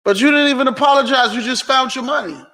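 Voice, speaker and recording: A man's voice: extremely high pitch, quick pace, pushed and bright, in a large hall. A man hosting a casual vlog and Q&A at home, teasing and laughing, then explaining things plainly. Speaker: host.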